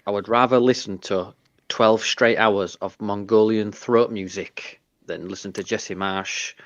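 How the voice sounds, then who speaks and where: A man's voice: on the low side, steady tone, a little slow, dry recording, lo-fi sound. A man joking wryly in a casual football chat.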